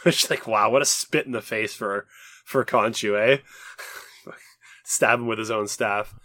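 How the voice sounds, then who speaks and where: Young male podcast co-host, bright tone, dry close mic, casual and profane. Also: lowish voice, fairly even intonation, unhurried, dry recording. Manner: laughs often, swears casually. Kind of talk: casual chat.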